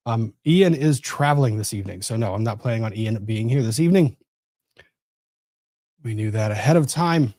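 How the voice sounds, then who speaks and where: A man's voice: medium pitch, expressive, moderate pace, mellow, dry recording, studio quality. A man hosting a casual legal commentary livestream, rambling and easily sidetracked. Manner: rambling, easily distracted, self-interrupting. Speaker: livestream host.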